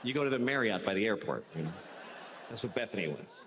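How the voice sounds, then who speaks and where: Male comic, lively pitch swings, profane riffing; live hall reverb. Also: fast talker, noisy background. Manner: conversational, profane, rising to incredulous rants. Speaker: stand-up comedian. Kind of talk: stand-up comedy set. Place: comedy stage before audience.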